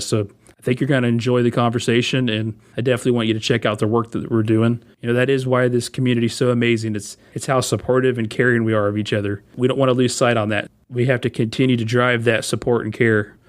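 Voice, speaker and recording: A man's voice: medium pitch, level tone, fast talker. Upbeat man hosting a podcast. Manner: upbeat, chatty and enthusiastic. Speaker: podcast host. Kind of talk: casual podcast talk.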